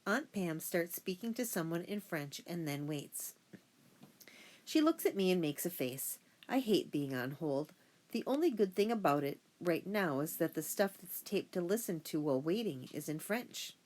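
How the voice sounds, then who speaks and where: A woman narrating a first-person children's audiobook in a steady storytelling voice. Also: fairly low pitch, moderate pace.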